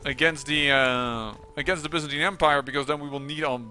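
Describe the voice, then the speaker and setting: A man's voice: on the high side, fairly even intonation, brisk, pushed and bright, faint music behind. A man giving casual, musing commentary on a strategy game, with occasional exasperated outbursts. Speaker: let's play commentator.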